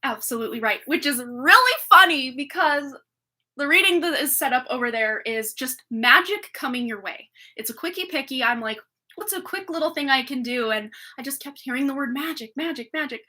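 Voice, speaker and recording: A woman hosting a live tarot stream, chatting fast and rambling to her viewers with frequent laughs. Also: high-pitched, pushed and bright. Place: home room with a reading table.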